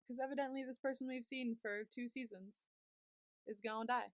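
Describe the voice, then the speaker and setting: A woman's voice: a little high, fairly even intonation, normal speed, sharp tone, no echo. A young woman co-hosting a podcast, animatedly retelling a TV episode in casual chat, full of "like" and fillers. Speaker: podcast co-host.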